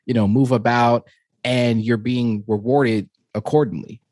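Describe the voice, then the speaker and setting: A man in his thirties talks through a casual podcast conversation. His delivery is animated and full of fillers, and he laughs as he tells stories. His voice sits at a middle pitch in a dry, close setting. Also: a little slow, no room sound. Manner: animated storyteller, frequent fillers, laughs while talking. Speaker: podcast co-host.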